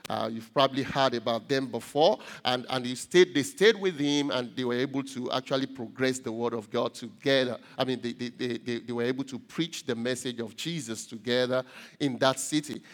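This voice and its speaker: A man preaching a sermon, halting with many repeated words and rising emphatically on key points. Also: mid-range voice. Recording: long reverb.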